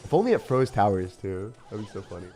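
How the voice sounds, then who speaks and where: A man streaming a mobile strategy game live, commentating his matches in an excitable, chatty way and talking to his viewers. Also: on the low side, fast talker. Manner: animated, excitable, talks to chat. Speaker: gaming streamer. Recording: faint music behind.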